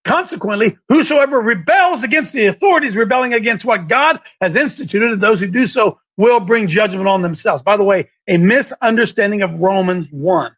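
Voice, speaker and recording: A male preacher with a strikingly high voice delivers a fiery sermon, rising to shouts and then dropping into hushed asides. The recording is dull and lo-fi. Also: animated, brisk, few pauses. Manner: impassioned, swinging between shouting and hushed asides.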